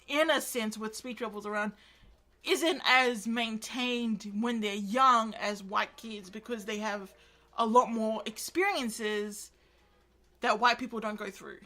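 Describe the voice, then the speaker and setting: Chatty New woman, bright voice. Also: fairly high pitch, a little slow. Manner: rambling, heavy on filler words, retells stories. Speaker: podcast co-host. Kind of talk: casual podcast chat.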